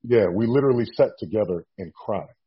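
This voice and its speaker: Male guest, low husky voice, animated storyteller, lo-fi recording. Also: fast talker. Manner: animated storyteller acting out quotes. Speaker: guest, former wrestler. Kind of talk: casual storytelling interview.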